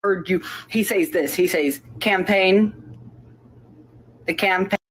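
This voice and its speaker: A woman's voice: medium pitch, slow, breathy edge, rough recording. A woman in a played clip, ranting profanely and mocking someone with repetition.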